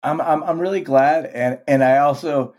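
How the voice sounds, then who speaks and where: A man's voice: fairly high pitch, normal speed, darkish tone. A man from Vermont, a band's singer, talking as a guest in a casual podcast interview, swearing freely and often repeating words as he restarts his sentences. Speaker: guest, band vocalist.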